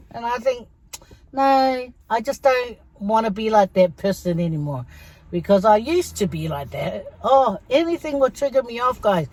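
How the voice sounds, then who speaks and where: A middle-aged woman talks straight to her viewers in a relaxed vlog. She tells stories in a chatty, friendly way, calling her audience guys. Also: on the high side, moderate pace. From Samoa. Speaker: vlogger. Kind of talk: casual mukbang chat to viewers.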